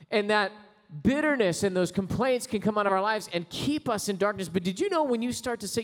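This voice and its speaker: A male pastor preaching a sermon, building to slow, loud, rising prayer passages. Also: high voice, lively intonation. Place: church sanctuary. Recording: long hall reverb.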